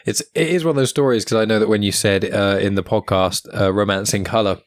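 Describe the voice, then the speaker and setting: A man's voice: fairly low pitch, fast, no room sound, studio quality. A man with a Southern English accent, hosting a podcast interview in a rambling, friendly way. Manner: rambling, many restarts and fillers, friendly. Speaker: podcast host. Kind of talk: casual interview chat.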